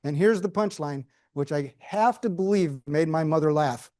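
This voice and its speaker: Middle-aged man, speech to a small audience, wry storytelling, higher voice, dry close sound. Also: moderate pace, few pauses, a little mellow, no echo. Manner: humorous storytelling with dry asides, asks the audience questions. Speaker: club speaker.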